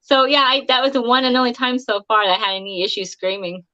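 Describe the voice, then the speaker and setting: A woman's voice: a little high, quick pace, pushed and bright. A woman guest actress on a live stream, telling chatty anecdotes in casual conversation and laughing often. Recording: dull lo-fi stream audio.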